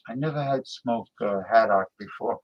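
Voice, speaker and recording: A man's voice: mid-range voice, moderate pace, highs cut off, a little hiss or hum. A man chatting casually on a video call, stammering and restarting, emphatic about what he likes. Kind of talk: casual chat.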